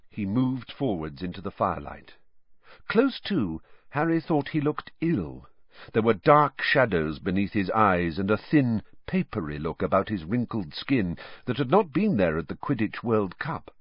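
A man narrating an audiobook in an expressive, varied way, on slightly dull audio. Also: on the low side, normal speed, slightly rough, dry recording. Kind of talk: scripted narration.

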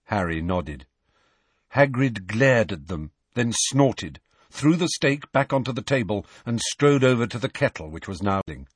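A man narrating a story with expressive storytelling. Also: lowish voice, normal speed, slightly rough, no echo. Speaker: audiobook narrator. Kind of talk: scripted narration.

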